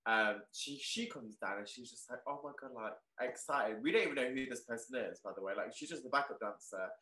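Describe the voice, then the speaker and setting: A young man tells a story as an interview guest in a bright, ringing voice, excitable and leaning on "like" as he goes. The sound carries a roomy echo. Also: medium pitch, a little fast. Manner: excitable, peppered with "like", animated retelling. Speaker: guest, clothing shop owner.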